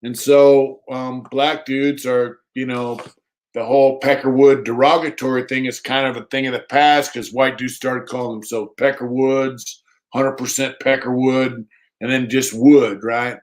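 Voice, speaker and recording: A male livestream host with a mid-range, fairly flat voice talks a little slowly. He rambles and repeats himself, reads viewer comments aloud, and stops now and then to talk to his dog.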